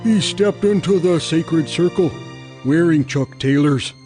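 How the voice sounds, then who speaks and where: An actor playing a solemn old tribal chief who recounts events in a slow, ceremonial way in a comedy promo sketch. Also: male voice, a little high, dark tone, faint music behind, close to an everyday voice. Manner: slow, ceremonial, portentous delivery.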